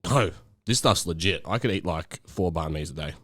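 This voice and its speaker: Deep, lively Australian man chatting. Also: moderate pace. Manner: laid-back, swears freely, laughs often. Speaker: podcast co-host, fitness coach. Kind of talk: casual chat.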